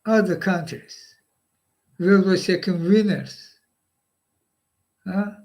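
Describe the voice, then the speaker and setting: Guy w high voice talking slow, choppy little phrases, keeps asking huh?. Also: steady tone, a little mellow, poor audio. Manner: halting, short phrases with rhetorical "huh?". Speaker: live stream host. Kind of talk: political monologue.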